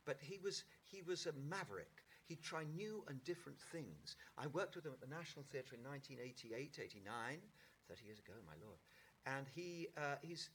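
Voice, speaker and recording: A middle-aged actor telling anecdotes in an interview, in a lively raconteur's manner with halting restarts. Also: male voice, mid-range voice, a little hiss or hum. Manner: animated raconteur, mimics voices, halting restarts. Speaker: actor guest.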